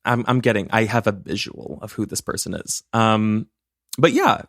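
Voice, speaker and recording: Male true-crime podcast co-host, chatty and jokey, slightly low voice, dry booth sound. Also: lively intonation, normal speed, dry recording. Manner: chatty and bubbly, jokes and rambles.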